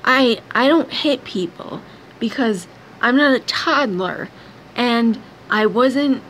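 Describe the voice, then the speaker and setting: Young woman vlogger, frustrated, blunt, profane, unhurried delivery, faint background hiss. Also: fairly high pitch, animated, fairly bright tone. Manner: blunt, frustrated, heavy swearing. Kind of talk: angry personal vlog rant.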